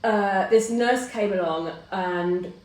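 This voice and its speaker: A woman's voice: medium pitch, slow. Middle-aged woman telling a story, roomy sound. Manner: animated storyteller who acts out quoted voices. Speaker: host. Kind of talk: casual chat, personal storytelling. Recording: roomy, distant mic.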